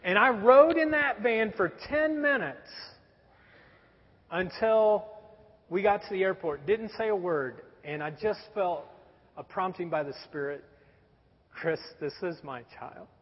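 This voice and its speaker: A man's voice: high voice, expressive, measured pace. A man in his forties, a pastor telling a story in a sermon with a conversational, wry humor. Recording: dull sound with long hall reverb.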